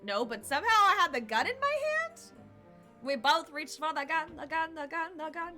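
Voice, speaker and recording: A woman's voice: on the high side, expressive, normal speed, bright, forceful tone, soft background music. A woman reading the lines of a nervous, apologetic young male university student on trial. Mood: pleading. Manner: anxious, apologetic, pleading.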